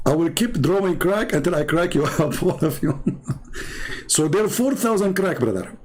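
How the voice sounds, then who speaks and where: A man's voice: fairly high pitch, sing-song, normal speed. A man speaking in mocking, sarcastic commentary in non-native English, drawing on screen as he talks.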